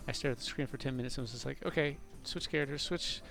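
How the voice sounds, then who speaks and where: A man's voice: medium pitch, quick pace, gravelly, fairly bright tone, faint music behind. A man rambling through gameplay commentary, talking to himself, mocking his own mistakes and swearing at the game. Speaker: game streamer.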